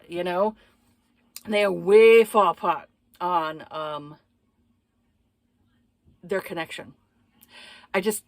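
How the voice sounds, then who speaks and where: A woman's voice: on the low side, no echo. A woman giving a casual book review, blunt and profane, exasperated, with lots of hesitant fillers.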